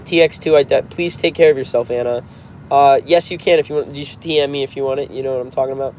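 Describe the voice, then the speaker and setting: A man's voice: mid-range voice, fairly even intonation, fast talker, darkish tone, slight background noise. A man in his twenties in a car, chatting casually on a livestream and answering viewer comments. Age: 20s. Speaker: band member hosting a livestream.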